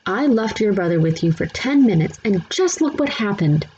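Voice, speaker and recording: A woman's voice: medium pitch, expressive, moderate pace, a little mellow, lo-fi sound, a little hiss or hum, lightly acted. A woman voicing a doting, fretful mother who fusses over her child. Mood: fussing.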